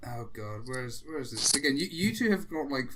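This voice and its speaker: A man's voice: medium pitch, lively intonation, a little fast, crowd noise. A man hosting a casual chat while drawing, rambling and self-mocking with frequent chuckles. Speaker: host.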